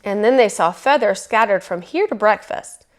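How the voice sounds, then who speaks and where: A woman reading a picture book aloud in a lively, folksy storytelling manner. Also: medium pitch, moderate pace.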